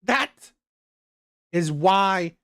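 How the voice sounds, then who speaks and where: Male commentator, emphatic, repeats himself, lively intonation, dry close mic. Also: high voice, drawn-out words, dry recording. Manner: emphatic, repetitive, restarts sentences. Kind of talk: reaction commentary.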